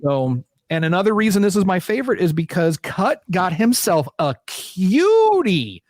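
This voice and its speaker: A man co-hosting a casual fan podcast, talking in an animated, jokey and profane way. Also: high-pitched, brisk, no room sound, clean studio sound. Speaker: podcast co-host. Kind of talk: casual chat.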